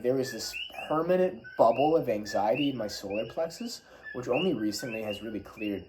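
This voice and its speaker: A young man telling a casual, animated travel story, full of swearing and spiritual talk. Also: on the low side, noisy background. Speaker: travel vlogger.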